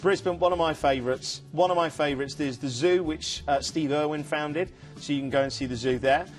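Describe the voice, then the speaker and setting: A man's voice: fairly high pitch, steady tone, a little fast, soft background music. A man presenting a TV cruise sales show, chatting enthusiastically and rambling with fillers. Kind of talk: casual studio sales chat. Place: TV studio.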